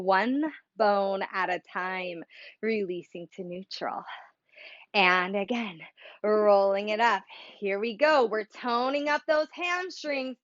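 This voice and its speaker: A woman's voice: high-pitched, fairly bright tone, dry recording, highs cut off. A woman leading a Pilates workout, cueing breaths and moves in an upbeat, encouraging, playful way. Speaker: Pilates instructor. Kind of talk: guided workout instruction.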